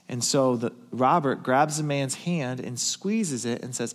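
A man's voice: mid-range voice, normal speed. Man preaching a story-driven sermon. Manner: hushed, tender retelling that rises to emphatic calls. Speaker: pastor.

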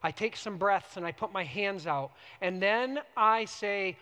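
A man preaching a sermon as pastor, animated, swinging from loud emphasis to hushed, prayerful quiet. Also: sits high, moderate pace, in a large hall, dull audio.

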